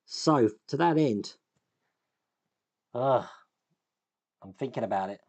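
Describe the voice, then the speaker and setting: A man's voice: medium pitch, animated, slow, a little mellow. Man thinking aloud over a fiddly build. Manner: thinks aloud while working, self-deprecating, sighs and chuckles. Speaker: host, scale model builder. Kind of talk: casual build commentary.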